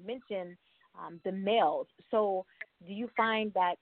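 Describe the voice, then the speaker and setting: A radio show host, a woman with a medium-pitched voice, runs an interview at an unhurried pace, chatty and warm with introductions full of fillers. The dry recording sounds tinny, like a phone line.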